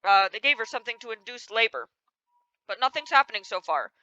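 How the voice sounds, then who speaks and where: A woman's voice: a little high, sing-song, brisk, bright, forceful tone, no echo, poor audio. A woman voicing a worried expectant father in a hospital game scene, pleading anxiously for help.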